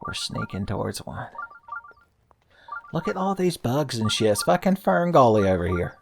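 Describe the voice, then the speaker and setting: Gravelly and sing-song, his mid-range voice moving at a moderate pace, a man in his thirties hosts a let's play with casual commentary. Faint game music runs behind his jokes, sarcasm and profanity.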